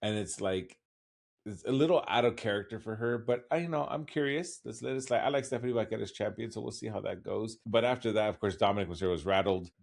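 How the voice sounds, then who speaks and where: A man's voice: on the low side, fast, creaky. A man co-hosting a casual podcast recap, rambling along with wry laughs. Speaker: podcast co-host.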